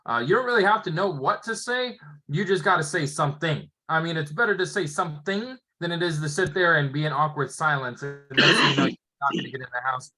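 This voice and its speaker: A man coaching door-to-door sales through role-play, talking in an energetic, upbeat salesy way. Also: fairly high pitch, brisk, low-quality recording.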